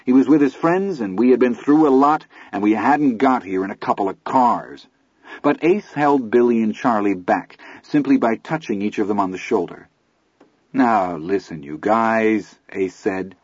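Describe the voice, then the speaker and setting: A man narrating a story in a measured, scripted storytelling manner. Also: mid-range voice, lively intonation, darkish tone, breathy edge, no room sound. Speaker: audiobook narrator. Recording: dull lo-fi audiobook recording.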